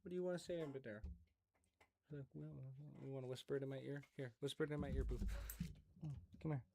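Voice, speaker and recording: A man's voice: medium pitch, steady tone, fast talker, gravelly, mellow, slight background noise. Rambling, profane male podcast host. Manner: rambling, profane, talks to his dog. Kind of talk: casual rambling monologue.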